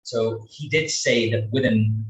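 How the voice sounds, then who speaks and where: Speaking a little slowly in a mid-range voice, this man delivers a webinar on English accents full of fillers and repeated words as he rambles. The recording sounds distant, in an echoey room.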